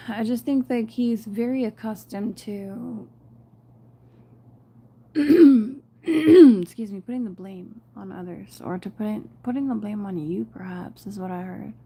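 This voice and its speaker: A woman's voice: medium pitch, unhurried, long pauses, warm tone, slight background noise. A woman giving a casual spiritual reading to viewers, chatty and often laughing. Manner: chatty, laughs often, addresses viewers as "you guys" and "y'all". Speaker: tarot reader.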